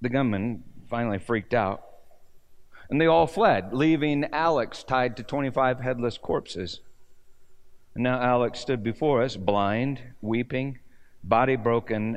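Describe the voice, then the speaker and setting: A man preaching a sermon, telling a story with rhetorical questions and swinging from near-shouts down to hushed, low words. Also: animated, measured pace. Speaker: pastor.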